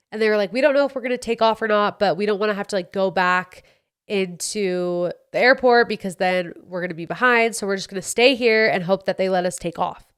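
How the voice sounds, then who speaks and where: A young American woman hosts her podcast, telling a story in a lively, chatty way. She acts out what people said as she goes. Her voice sits at a middle pitch. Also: clear, resonant tone. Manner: animated, chatty storytelling, reenacts quotes. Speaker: podcast host. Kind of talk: casual storytelling chat.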